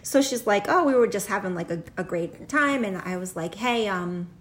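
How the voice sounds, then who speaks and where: A woman co-hosting a casual chat, telling a client's story with lively acted-out quotes. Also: mid-range voice, normal speed. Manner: animated storyteller, acts out quoted voices.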